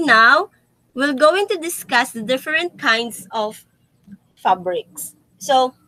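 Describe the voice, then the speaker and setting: A young Filipino woman with a Filipino accent presents a lesson, switching between English and Tagalog and pausing on fillers. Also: on the high side, sharp tone, dry recording, low-quality recording. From Philippines. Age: young adult. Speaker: student teacher presenting a lesson.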